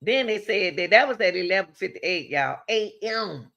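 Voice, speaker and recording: A woman giving casual true-crime commentary, talking straight to her viewers with rhetorical questions and lively swings between high exclamations and low asides. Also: normal speed, creaky, dull audio.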